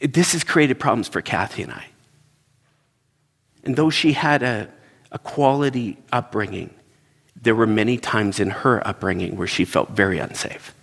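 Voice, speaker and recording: A man's voice: lowish voice, normal speed, creaky, slightly rough, long reverb tail. A middle-aged man preaching in a church, telling personal stories and acting out the voices in them. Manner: animated storyteller acting out quotes. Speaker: pastor. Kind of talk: sermon storytelling.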